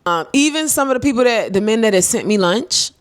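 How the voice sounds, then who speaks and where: A woman's voice: animated, fairly quick, no room sound. Young woman vlogging storytime, calls everyone girl, dry close mic. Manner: chatty, talks to viewers as "girl" and "y'all"; reflective, swings high and low in pitch. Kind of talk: casual storytime to camera.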